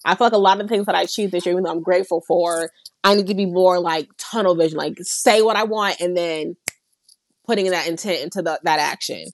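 A woman's voice: fairly low pitch, quick pace. A young woman in casual chat, telling a vivid, profane story about her year.

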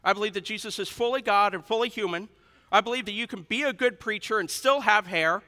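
A man preaching a sermon to a congregation, dynamic and humorous, swinging between loud emphasis and hushed asides. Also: sits high, brisk. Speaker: pastor. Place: large church hall. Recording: reverberant hall.

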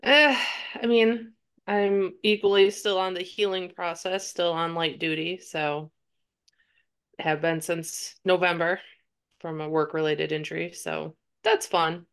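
A woman co-hosting a casual podcast, teasing and quick to laugh. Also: lowish voice, fairly even intonation, a bit bright, smooth. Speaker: podcast co-host, animal control officer.

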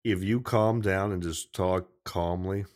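A man's voice: low voice, fairly even intonation, a little slow, darkish tone. A man hosting a casual video-call podcast, blunt and profane as he acts out rude customers. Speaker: podcast host.

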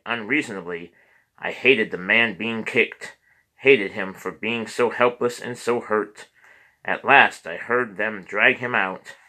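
A man narrates a memoir audiobook at a very slow, measured pace. His voice is fairly low, with a bright, forceful tone. He now and then stumbles and restarts a word.

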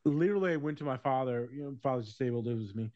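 A man co-hosting a casual podcast, laughing often and cursing his way through stories. His voice sits at an ordinary pitch, close and dry on the mic, with a dull, muffled sound. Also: rapid-fire, dark tone, no room sound. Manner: profane, laughing storyteller. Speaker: podcast host.

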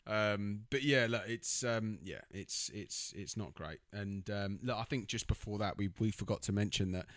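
A man's voice: lowish voice, moderate pace, a bit bright, dry recording, studio quality. A man co-hosting a podcast, blunt and jokey as he swears through a casual film chat. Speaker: podcast co-host.

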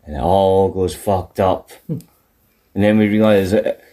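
Mellow, low Scottish man, dry jokey podcast co-host. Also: slow. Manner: deadpan, jokey, spins absurd scenarios. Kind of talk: casual chat.

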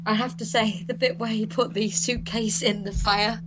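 A woman's voice: on the high side, steady tone, moderate pace, lo-fi sound, noisy background. A woman co-hosting a casual podcast, cheerful and giggly. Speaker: podcast co-host. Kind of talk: casual chat.

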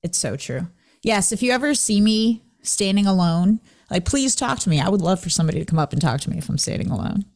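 A woman hosting a casual motivational talk, lively and laughing often as she acts out what people said. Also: mid-range voice, fast, few pauses. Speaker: host.

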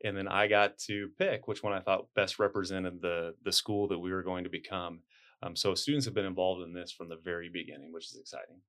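A man, a high school principal, talking in a chatty, upbeat way with joking asides in a casual interview. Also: little pitch movement, brisk, fairly bright tone.

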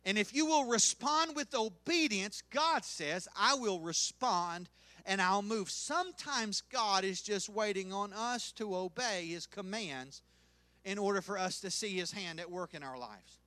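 High, bright-voiced male pastor preaching. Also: measured pace, no echo. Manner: emphatic preaching that swells in volume; acts out quoted prayers and speech. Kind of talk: sermon.

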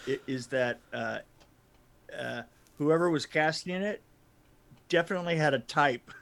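A man co-hosting a casual movie review chat, talking in halting restarts and laughing often. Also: a little high, creaky, a bit bright. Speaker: podcast co-host.

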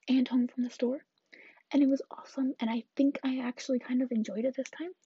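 A woman's voice: high voice, dark tone, slightly rough, no echo, muffled recording. An eighteen-year-old woman chatting through a rambling vlog story, often dropping into whispered asides. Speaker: vlogger.

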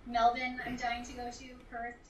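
A woman's voice: on the high side, completely flat delivery, moderate pace, recorded from a distance. A woman, a voice actress, chatting enthusiastically as a guest in a casual interview. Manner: enthusiastic, gushing. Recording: echoey room, somewhat off-mic.

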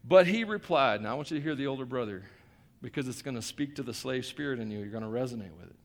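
A man's voice: mid-range voice, expressive, fast talker. A male pastor preaching a sermon in a conversational way, with joking asides and emphatic repetition.

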